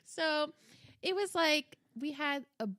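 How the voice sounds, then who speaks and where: A woman's voice: high voice, slow, sharp tone, dry recording, studio quality. A woman in her thirties telling a story to her podcast co-host, swearing a lot and acting out her son's whining. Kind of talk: casual chat.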